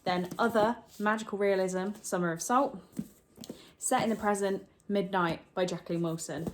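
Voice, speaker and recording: A young woman talks straight to her camera at home in a chatty, candid vlog. Her voice sits at a middle pitch and she rambles through quick asides. A faint hiss runs underneath. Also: steady tone. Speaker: book vlogger. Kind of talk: casual vlog chat. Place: at home, partly from bed.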